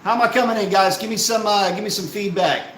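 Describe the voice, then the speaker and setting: High, bright-voiced man ranting on a stream. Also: fast, reverberant, a little hiss or hum, rough recording. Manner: animated, profane, exasperated ranting. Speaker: live-stream host. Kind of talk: casual live-stream rant.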